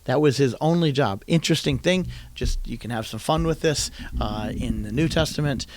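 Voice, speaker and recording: A man's voice: medium pitch, normal speed, noisy background. A man preaching a sermon, retelling a story animatedly and acting out quoted lines in a raised voice.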